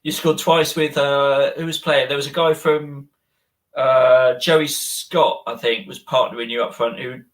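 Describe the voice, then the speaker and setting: A man's voice: mid-range voice, fairly bright tone. A man hosting a fan podcast, eagerly reminiscing about old matches in casual chat.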